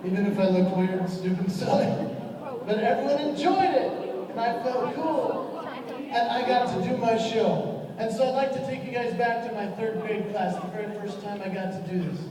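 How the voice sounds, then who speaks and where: A man with a fairly high voice tells comic stories and drives audience participation on stage. His voice echoes through a large auditorium with a long reverb tail. He is picked up from a distance over a loud, noisy crowd. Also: normal speed. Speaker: comedian and entertainer. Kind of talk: live stand-up storytelling.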